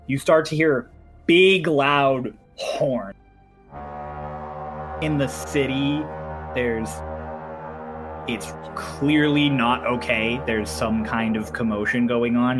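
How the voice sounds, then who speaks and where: A man runs a tabletop game, laying out each scene slowly and carefully. His voice sits in a middle register and he takes his time over each detail. Faint music plays behind him. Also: medium pitch. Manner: unhurried, descriptive, with small fillers. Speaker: game master.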